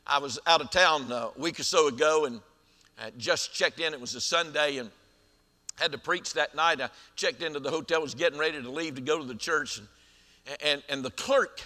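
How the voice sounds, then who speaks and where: A man preaches with a high, bright, ringing voice. He draws out his emphatic lines slowly and drops into quieter asides. The sound carries a long church-hall reverb. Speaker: senior pastor. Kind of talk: sermon.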